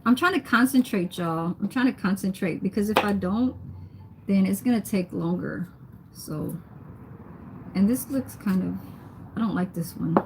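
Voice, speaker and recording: A woman's voice: mid-range voice, normal speed, pauses often, background noise. A young woman, chatting casually on a livestream while she cooks, reading comments and laughing often. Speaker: livestream host. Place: home kitchen.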